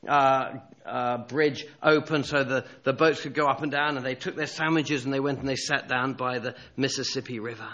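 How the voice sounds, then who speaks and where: A man from England preaching a sermon, telling a story with dramatic swings between loud urgency and hushed tones. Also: mid-range voice, gravelly. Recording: dull lo-fi recording.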